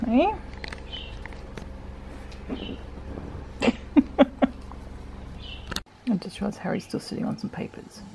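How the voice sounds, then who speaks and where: A woman's voice: medium pitch, big pitch swings, extremely slow, vocal fry, pauses often, warm tone, a little hiss or hum. An Australian woman in her forties, chatting casually in a home vlog, rambling and laughing as she talks to her dogs. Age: 40s. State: out of breath from exercising. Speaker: vlogger.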